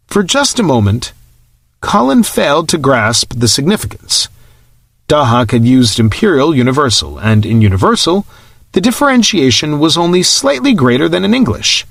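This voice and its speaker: A man reading an audiobook aloud in a steady, even storytelling manner. His voice sits in a middle pitch, recorded close and dry with no room sound. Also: normal speed, no room sound. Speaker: audiobook narrator. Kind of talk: scripted narration.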